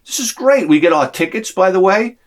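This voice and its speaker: A man telling a personal story in an animated way, swearing freely and acting out the people in it. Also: high-pitched, brisk. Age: adult with a young son. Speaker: video creator.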